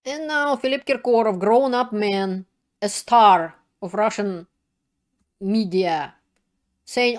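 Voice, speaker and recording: A woman with a medium-pitched voice speaks slowly and pauses often in an indignant video commentary. She's a political commentator using non-native English with broken grammar, and her delivery is emphatic and plain-spoken.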